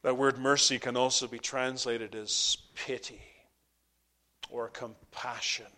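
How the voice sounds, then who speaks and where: Slow impassioned male preacher. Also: mid-range voice, flat delivery. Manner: impassioned, swinging between loud peaks and hushed drops. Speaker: pastor. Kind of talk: sermon.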